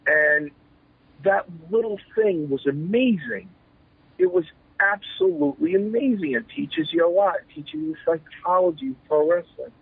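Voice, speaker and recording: Over a tinny telephone line, a retired pro wrestler in his forties tells candid interview stories in a high, very animated voice at a moderate pace, with vocal fry, a breathy edge and no echo. He acts out old exchanges and keeps restarting his sentences.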